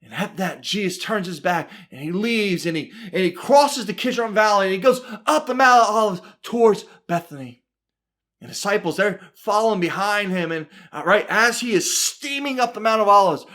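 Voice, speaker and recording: A man teaching a Bible study from the pulpit, reading scripture with dramatic emphasis and constantly checking in with "right?". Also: high voice. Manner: animated, keeps adding "right?", reads scripture with dramatic emphasis. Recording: church broadcast.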